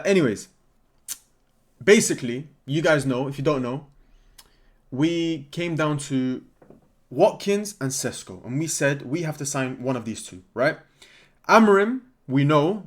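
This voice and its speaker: A young man rants through a casual football vlog, excitable and jokey. His voice sits at a middling pitch, and he swings between loud, eager bursts and low, muttered asides to himself. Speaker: football content creator.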